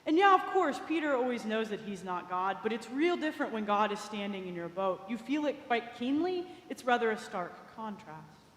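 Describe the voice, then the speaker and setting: A woman's voice: fairly high pitch, big pitch swings, moderate pace. A woman preacher retelling a story in a conversational sermon, with small asides. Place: large cathedral. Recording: echoey cathedral with long reverb.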